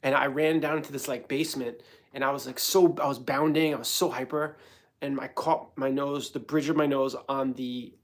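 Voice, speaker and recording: A New York host rambles through a casual livestream chat, hyper and self-mocking as he jumps from one thought to the next. His gravelly, creaky voice sits in a middle pitch range, with a level tone and normal speed.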